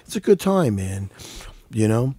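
A man's voice: fairly low pitch, very animated, measured pace, warm tone, husky. A man co-hosting a casual talk show, rambling and swearing, with lots of restarts. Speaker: podcast co-host. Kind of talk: casual profane chat.

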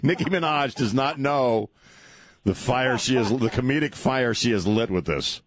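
A man's voice: medium pitch, animated, normal speed, no echo. A middle-aged man hosting talk radio, rambling and joking, laughing often as he riffs. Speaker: radio talk show host. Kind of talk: casual comedic talk radio.

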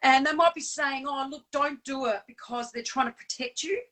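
A woman co-hosting a casual live chat in a chatty, animated way, with frequent fillers and laughs. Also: high voice, normal speed, low-quality recording. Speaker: co-host.

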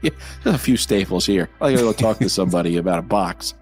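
A man co-hosting a casual film review chat, animated and jokey, with some swearing. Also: deep voice, quick pace, soft background music. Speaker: co-host.

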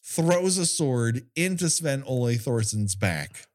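A man's voice: medium pitch, big pitch swings, slow, darkish tone. A man hosting a podcast, sarcastically retelling an episode with profane asides. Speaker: podcast host. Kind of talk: casual podcast recap chat.

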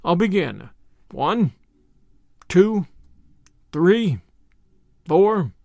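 A man's voice: high-pitched, big pitch swings, extremely slow, creaky, warm tone, dry recording, dull audio, exaggerated voice. A man voicing a brash young American man with an American accent in an audiobook, drawling and cheerfully menacing. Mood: threatening. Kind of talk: audiobook character voice.

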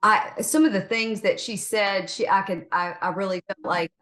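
A woman co-hosting a podcast in casual chat, encouraging and quick to laugh. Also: mid-range voice, steady tone, roomy sound. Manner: warm, encouraging, laughs often. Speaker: podcast co-host, medium.

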